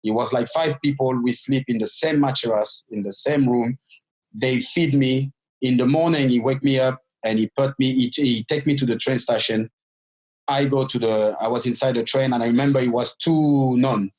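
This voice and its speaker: A man from France, a non-native speaker of English with a French accent, recounts his life as a podcast guest. He tells his stories in an animated way and speaks in loose, imperfect English. His voice sits at an ordinary, middling pitch for a man. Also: normal speed, rough recording. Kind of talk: storytelling interview.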